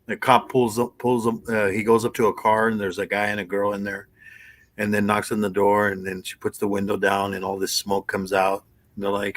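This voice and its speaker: A man's voice: fairly low pitch, monotone, a little fast, fairly bright tone. A man in casual group chat, retelling a funny story and acting out the people in it. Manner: storytelling with laughs, acting out voices. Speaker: regular on a chat show.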